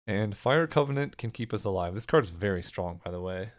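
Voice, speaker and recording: A man with a hoarse, fading voice giving casual, rambling commentary as he weighs options aloud. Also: on the low side, lively intonation, brisk. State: hoarse, losing his voice. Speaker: card game content creator.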